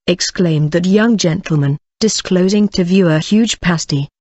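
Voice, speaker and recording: A narrator reads a classic novel in a steady, even way and now and then slips on a word. The recording is dull and lo-fi, and it is dry with almost no room sound. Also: mid-range voice, measured pace, hardly any pauses, no echo. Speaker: audiobook narrator.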